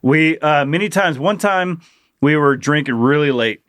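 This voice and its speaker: Animated male podcast co-host. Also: on the high side, normal speed, no echo, studio quality. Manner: animated, profane storytelling. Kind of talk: casual chat.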